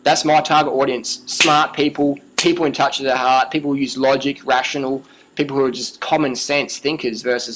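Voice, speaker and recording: A man's voice: mid-range voice, steady tone, brisk, a bit bright, low-quality recording. A man giving an emphatic, passionate monologue as a vlogger, repeating himself, swearing freely and often asking "you know what I mean".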